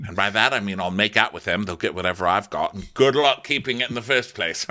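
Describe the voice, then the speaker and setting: A man co-hosting a comedy podcast, recapping a TV episode in casual chat and acting out characters in quick, silly voices. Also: on the low side, pushed and bright.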